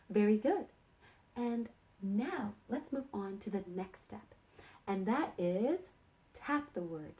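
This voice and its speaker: A woman teaching sight words to young kindergarten children in a slow, encouraging sing-song way. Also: mid-range voice, lively intonation, mellow.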